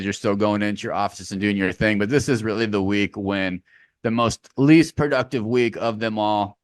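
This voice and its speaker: A man's voice: on the low side, clear, resonant tone, no echo. Loose, riffing podcast co-host man. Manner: loose, animated riffing with slang and swearing. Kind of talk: casual chat.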